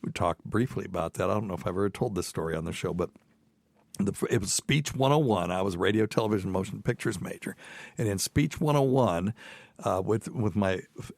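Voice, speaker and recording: Middle-aged male podcast host, light Southern accent, low voice, dry close sound, folksy and rambling. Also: brisk, gravelly, dry recording. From mountains of North Carolina. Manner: rambling, folksy, many fillers and restarts. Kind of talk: casual chat.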